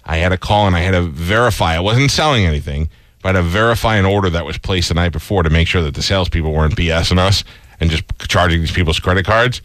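A man hosting a casual radio chat, telling animated stories and acting out the voices in them, on a close studio mic. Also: low voice, fast talker, dry recording. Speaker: radio host.

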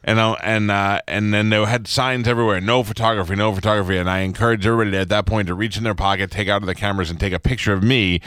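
A man's voice: lowish voice, very fast, few pauses, clean tone, no echo. A man hosting a radio show, telling stage stories in casual, mocking studio banter. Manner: storytelling, animated, mocking.

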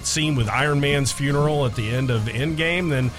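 A man hosting a casual morning radio chat, animated, playful and openly emotional. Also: medium pitch, moderate pace, over music. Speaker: radio show host. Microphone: studio microphone.

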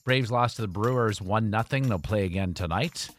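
A man's voice: fairly low pitch, moderate pace, slight background noise. A man hosting a morning radio show, joking with callers and bringing them on by name and town. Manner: playful, joking, reads callers' names and towns. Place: radio studio. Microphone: studio microphone.

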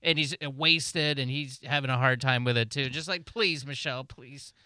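A man's voice: medium pitch, fairly even intonation, normal speed, sharp tone, smooth, no echo, clean studio sound. A man co-hosting a radio show, reacting conversationally. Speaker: radio co-host. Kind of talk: casual talk radio banter.

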